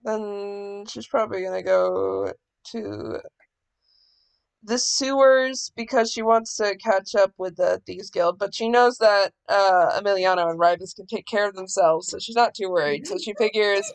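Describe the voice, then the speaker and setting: A woman player describing her character's plans slowly, thinking aloud with fillers. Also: mid-range voice, vocal fry, clear, resonant tone, no room sound. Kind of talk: casual tabletop game chat.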